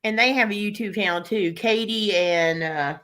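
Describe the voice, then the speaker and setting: A woman's voice: mid-range voice, moderate pace, fairly bright tone. A middle-aged woman with a country-sounding American accent, a food blogger chatting casually as a guest, rambling and laughing often. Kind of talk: casual interview chat.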